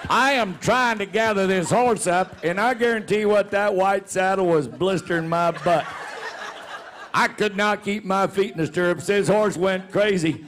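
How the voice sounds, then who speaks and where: A man's voice: sits high, normal speed, fairly bright tone, a little hiss or hum. A man and show regular telling a funny story in a folksy way, laughing as he goes. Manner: folksy, laughs through his own story. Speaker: rodeo announcer and show regular. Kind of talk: comic storytelling.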